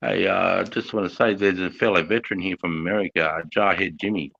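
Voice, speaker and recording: A man's voice: low voice, fairly even intonation, a little fast, gravelly, fairly bright tone, lo-fi sound. An Australian man hosting a live stream, telling army stories in a crude, profane, laughing way. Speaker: livestream host. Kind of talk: casual storytelling chat.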